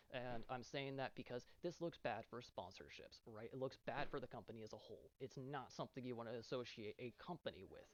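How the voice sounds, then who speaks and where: A man's voice: mid-range voice, no room sound. A man who is an esports team captain tells his side of a dispute in an earnest, aggrieved monologue, often checking in with "right?". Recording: dull, slightly muffled, dry sound.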